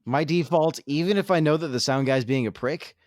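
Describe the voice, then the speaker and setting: A man co-hosting a podcast in casual chat, speaking in a relaxed, easygoing way with offhand slang. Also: fairly high pitch, brisk, no room sound, clean studio sound. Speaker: podcast co-host.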